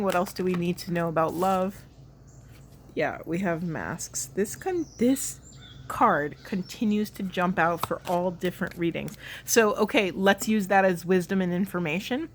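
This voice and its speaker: A woman's voice: mid-range voice, a little hiss or hum. A woman giving a spiritual card reading to viewers, talking in an earnest, rambling and emotional way. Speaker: tarot card reader.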